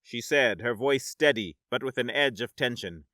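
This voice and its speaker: Bright-voiced male sci-fi narrator. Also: medium pitch, animated, dry recording, clean studio sound. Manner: dramatic, measured storytelling. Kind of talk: scripted audiobook narration.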